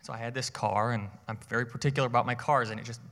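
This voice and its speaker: A man's voice: mid-range voice, steady tone, very fast, fairly bright tone, in a large hall. A man giving a sermon in a conversational way, telling a personal story and often repeating words as he starts a phrase. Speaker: preacher.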